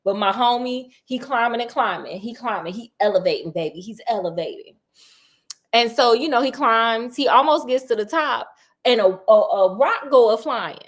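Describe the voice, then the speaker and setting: A woman's voice: a little high, lively intonation, moderate pace. A young adult woman hosting a casual retelling of a classic story, chatty, sassy and slangy, asking a listener questions. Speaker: storyteller host.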